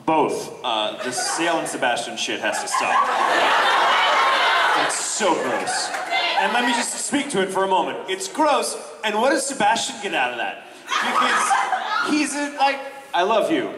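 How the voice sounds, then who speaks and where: A male voice actor on a convention panel, moderating questions in an animated, joking and blunt way. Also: high-pitched, a little slow. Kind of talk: panel talk. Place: large convention hall. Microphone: far from the recording mic. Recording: echoey hall from far off, crowd noise.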